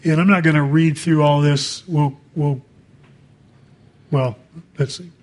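A man's voice: a little high, fairly even intonation, slow, a little mellow. A man preaching a sermon in a conversational way, reading scripture and adding casual asides.

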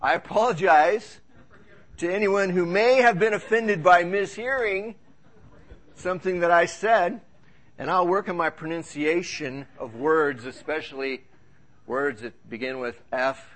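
A man's voice: high voice, unhurried, fairly bright tone. A man preaching a sermon as pastor in a church service, talking in a conversational, joking, storytelling way.

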